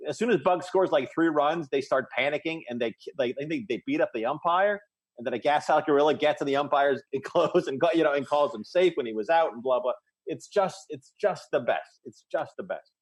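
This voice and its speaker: A man's voice: a little high, brisk. A man in his thirties, a podcast co-host, chatting casually and eagerly retelling scenes, with many restarts. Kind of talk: casual chat.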